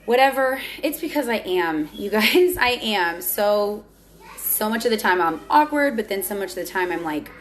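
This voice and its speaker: A woman's voice: mid-range voice, lively intonation, moderate pace. A young woman talking candidly on her vlog, earnest and confessional, often restarting her sentences. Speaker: vlogger. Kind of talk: candid personal vlog talk.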